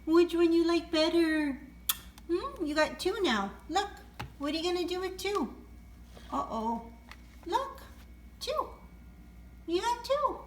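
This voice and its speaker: A woman's voice: extremely high pitch, sing-song, slow pace, long pauses. A woman filming her parrot at home, talking to him in sing-song baby talk, cooing, gasping and laughing often. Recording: echoey room with faint noise.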